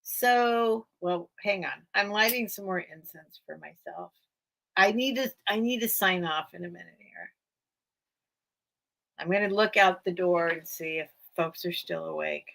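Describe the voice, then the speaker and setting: A woman's voice: lowish voice, big pitch swings, measured pace, creaky, fairly bright tone. A woman hosting a casual live-stream sale from home, chatty and rambling, often thanking her viewers.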